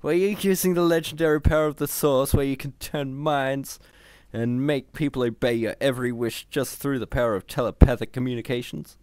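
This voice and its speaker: A man reading aloud and voicing an eager young hero who gushes in an excited rush. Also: medium pitch, brisk, clean tone, no room sound, pitched above the performer's own voice, lightly acted. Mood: awed. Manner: enthusing, breathless rush.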